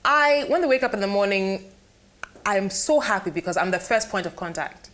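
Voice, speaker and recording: Animated Ghanaian woman telling stories. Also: mid-range voice, moderate pace. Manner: animated storyteller acting out quoted voices. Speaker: guest. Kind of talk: casual interview chat.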